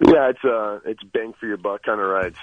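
A man's voice: on the low side, moderate pace, dry recording. A man calling in by phone as a guest, chatting casually and laid-back, often calling people "man". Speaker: phone-in guest, film actor. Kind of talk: casual interview over the phone. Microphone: telephone. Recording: tinny phone line.

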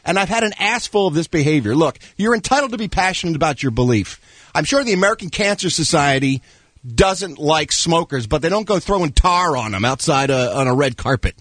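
Man, radio talk host, ranting, sarcastic, lively pitch, dry close sound. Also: brisk, dry recording.

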